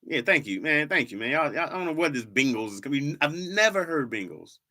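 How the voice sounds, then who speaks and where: His voice runs on the high side with big pitch swings and a sharp tone, and he talks a little fast. As a casual livestream host, he addresses viewers directly, says "y'all" constantly, and playfully teases them with repeated words.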